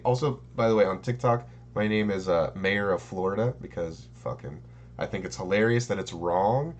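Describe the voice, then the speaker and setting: A man's voice: fairly low pitch, moderate pace, lo-fi sound. A man co-hosting a podcast, rambling in casual chat with lots of "like" and "um". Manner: rambling, full of "like" and "um". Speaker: podcast co-host.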